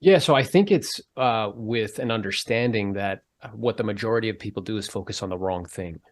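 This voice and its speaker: A man hosting a podcast, talking in a casual interview style, animated and emphatic as he pushes his pitch up to stress points. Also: a little fast, dry recording. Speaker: podcast host.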